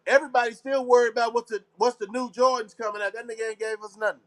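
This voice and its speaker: High-voiced man ranting. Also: fast, few pauses. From Texas. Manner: rambling, conspiratorial, preachy, talks to the audience; slangy, repeats phrases. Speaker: show host. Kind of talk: casual live talk show monologue.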